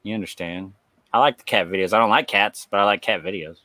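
A man's voice: on the low side, fast, pushed and bright, no room sound. A man co-hosting a horror podcast, chatting casually with wry, profane jokes. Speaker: podcast co-host. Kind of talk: casual chat.

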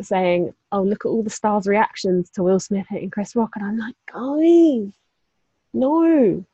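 A woman's voice: fairly low pitch, darkish tone, husky, no room sound, lo-fi sound. A young woman co-hosting a podcast, chatting casually with plenty of fillers, asides and the odd swear word. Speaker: podcast co-host. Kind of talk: casual chat.

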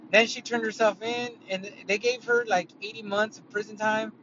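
A man's voice: sits high, steady tone, normal speed. A man telling a story in a casual, rambling way, swearing a lot and using many fillers, recorded inside a car. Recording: dull lo-fi audio with loud car noise.

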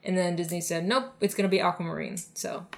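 Lowish-voiced woman chatting on a podcast, lots of ums and restarts. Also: fairly even intonation, fast talker, vocal fry. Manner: chatty, many fillers and restarts. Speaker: podcast co-host. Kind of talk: casual chat.

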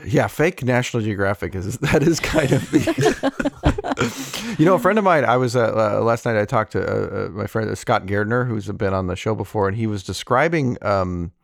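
A man hosting a podcast, talking about films in a halting way with many fillers. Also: lowish voice, sing-song, gravelly, no echo, studio quality. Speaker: podcast host. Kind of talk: casual film review chat.

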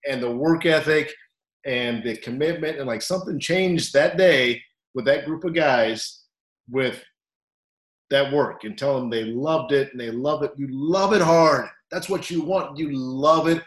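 Wrestling coach guy telling stories, gets loud acting out quotes, echoey room. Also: medium pitch, measured pace. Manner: animated storyteller, acts out quotes loudly. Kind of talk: storytelling interview. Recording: roomy echo.

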